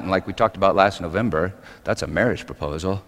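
A man's voice: lowish voice, fast, hardly any pauses. A male pastor preaching a sermon, telling stories in an earnest way. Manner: storytelling, earnest. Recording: long hall reverb.

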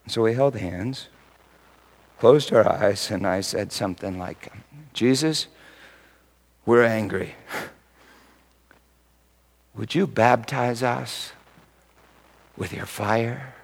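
Male pastor, sermon with personal story, mid pitch, swings from hushed to loud and emphatic. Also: slow pace, vocal fry, pauses often, rough recording.

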